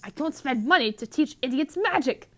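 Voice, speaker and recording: A woman's voice: sits high, lively intonation, moderate pace, bright, forceful tone, voice pushed up. A woman voicing a blustering, angry middle-aged uncle in a comedic script reading.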